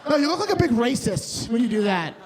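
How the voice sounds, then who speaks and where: A man's voice: extremely high pitch, very animated, fast talker. A man performing a live stand-up set in a bar, rambling and crude, often cutting himself off mid-sentence. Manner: rambling, crude, self-interrupting. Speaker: stand-up comedian. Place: bar stage before a crowd. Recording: live bar with crowd noise. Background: audience laughter.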